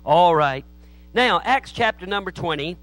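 A man's voice: sits high, lively intonation, unhurried, fairly bright tone, soft background music, low-quality recording. A man preaching a sermon in a church, telling folksy stories. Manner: folksy joke-telling, acts out voices in anecdotes. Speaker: pastor.

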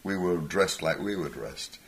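A man's voice: deep voice, measured pace, a bit bright. An older man, a musician guest on stage, telling rambling anecdotes with chuckles and acted-out voices. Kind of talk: anecdotal storytelling.

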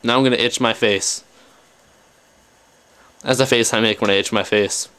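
A man's voice: lowish voice, fairly even intonation, moderate pace, pushed and bright, clean tone. A young man rambling to his camera in a casual bedroom vlog, jumping between topics and mocking himself. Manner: jumpy, self-mocking, talks straight to the camera. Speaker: vlogger.

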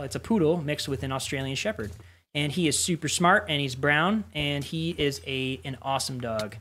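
An adult streamer giving rambling, excitable live commentary while playing game boss fights, with sudden yelps. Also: medium pitch, slight background noise. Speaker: streamer playing community-made game bosses.

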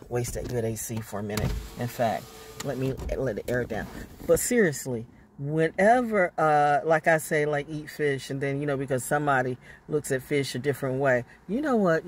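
A fairly high-voiced man talks from inside a car, rambling and blunt, swearing freely as he goes. A faint hum of the vehicle sits under his voice. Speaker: spiritual vlogger. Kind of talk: rambling casual monologue.

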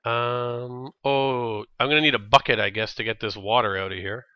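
A man with a Canadian accent streaming a video game, chatting in a rambling, jokey way and quick to laugh. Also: mid-range voice, steady tone, no echo, highs cut off. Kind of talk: casual gameplay chat.

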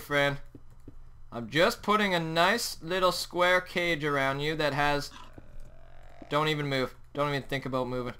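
A young man hosting a Minecraft let's play, talking excitedly over his gameplay and yelping at sudden moments. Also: on the high side, measured pace, clear, resonant tone. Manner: excitable, yelps and shouts at the game. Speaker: gaming channel host.

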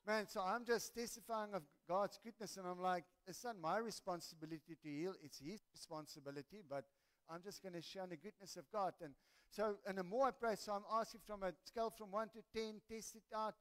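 A man telling a lively testimony as a preacher in a church sermon, building to excited shouts. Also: sits high, clean tone. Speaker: pastor.

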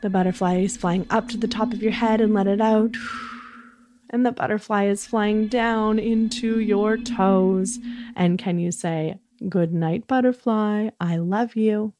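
A woman hosting a children's podcast, leading a gentle, soothing bedtime talk that encourages young listeners. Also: medium pitch, steady tone, a little slow.

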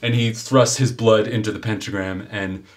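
A man's voice: on the low side, fairly even intonation, moderate pace. A man running a tabletop game as game master, narrating the scene in vivid detail and often chuckling at his own descriptions.

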